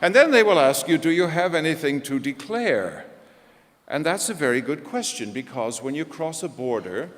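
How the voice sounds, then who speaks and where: A male pastor preaching a sermon, telling stories with self-deprecating humor. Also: mid-range voice. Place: large church. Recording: echoey church hall.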